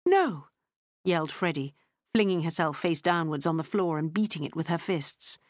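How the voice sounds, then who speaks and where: A woman narrating a novel in the first person, telling it in an expressive, dramatic storytelling manner. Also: deep voice, moderate pace, no room sound, clean studio sound. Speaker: audiobook narrator.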